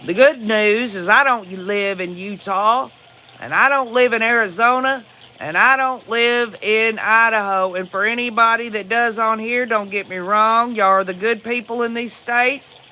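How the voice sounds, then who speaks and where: A man with a Southern US accent runs a casual livestream, answering what viewers comment in a rambling, opinionated style full of fillers. He talks a little slowly in a high voice with a sharp tone.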